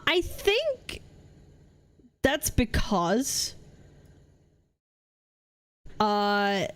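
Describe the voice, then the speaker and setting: A young Welsh woman with a Welsh accent, chatting casually on a live stream and answering her chat with animated disbelief. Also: mid-range voice. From Wales. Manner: animated, incredulous, teasing chat. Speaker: VTuber streamer.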